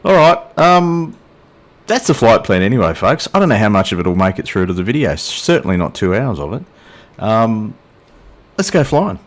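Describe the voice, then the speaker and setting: Flying in a sim, a middle-aged host keeps up casual, self-deprecating chatter and jokes with his silent co-pilot. He talks a little fast in a lowish, very animated voice.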